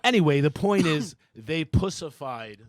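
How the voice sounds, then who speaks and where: A young male comedian riffs brashly through profane podcast banter, his voice leaping around with a lot of swing and sitting a bit high. The sound is dry and close, with no room around it. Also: measured pace, no room sound. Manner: brash, profane, animated riffing.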